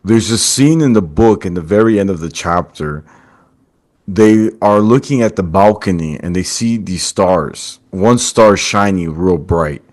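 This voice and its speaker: Low-voiced guy hosting a podcast, telling a story and doing little voices for the quotes. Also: unhurried. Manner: animated storyteller, acts out quotes. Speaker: podcast host. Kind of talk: casual storytelling chat.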